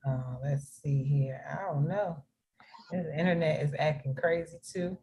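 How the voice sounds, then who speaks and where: A woman's voice: low-pitched, measured pace, warm tone, slightly rough. A woman leading a video meeting as facilitator, chatty and playful with frequent laughs, heard over a video call. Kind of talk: casual video-call chat.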